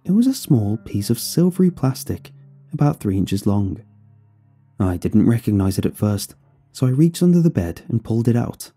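A man tells a horror tale in the first person, his voice dark and husky. His pitch moves in a lively way as he narrates, with faint music playing underneath. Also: moderate pace. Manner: expressive first-person storytelling. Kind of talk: scripted horror story narration.

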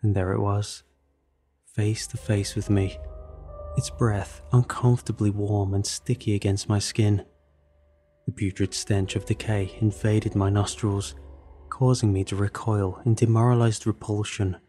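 Low, mellow male horror narrator. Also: little pitch movement, unhurried. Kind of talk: scripted first-person horror narration. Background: faint background music.

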